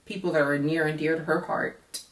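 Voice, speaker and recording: A woman's voice: low-pitched, fairly even intonation, normal speed, roomy sound, distant mic. A woman who reviews reality TV in a casual vlog, ranting bluntly and with a lot of profanity.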